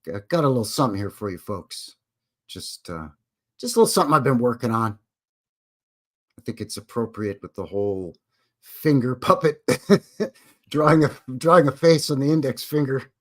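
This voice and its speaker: A man's voice: medium pitch, lively intonation, normal speed, pauses often. A man with a Canadian accent hosting a casual live stream, chatty and jokey with plenty of self-deprecating asides.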